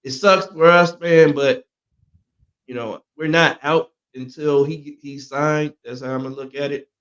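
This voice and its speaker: A man's voice: a little high, unhurried, dull audio. A man co-hosting a sports talk show, chatting casually and hedging with many fillers. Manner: relaxed, hedging with "you know" and "man".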